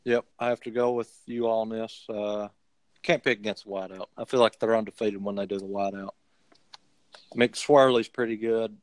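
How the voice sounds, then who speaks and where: Low-voiced guy joking about football, dry close mic. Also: fairly even intonation, moderate pace, dry recording. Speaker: podcast co-host. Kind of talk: casual sports picks chat.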